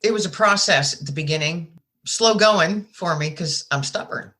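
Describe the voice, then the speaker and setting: Bright-voiced woman, candid podcast guest. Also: fairly low pitch, normal speed. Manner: plainspoken, candid, folksy. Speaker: guest author. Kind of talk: podcast interview.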